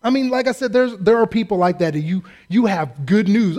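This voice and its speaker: High-voiced animated male preacher. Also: fairly quick, few pauses. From United States. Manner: animated, joking asides and acted-out quotes. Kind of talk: humorous sermon.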